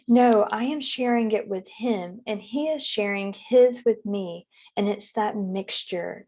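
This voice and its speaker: A woman guiding a hypnosis session, speaking softly and slowly as she passes on her client's words and asks gentle questions. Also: medium pitch. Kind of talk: relaying a regression session.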